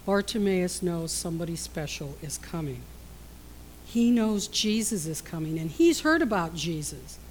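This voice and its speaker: A woman's voice: lowish voice, very animated, measured pace, darkish tone, slight background noise. Storytelling woman preacher, dramatic swings. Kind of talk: sermon.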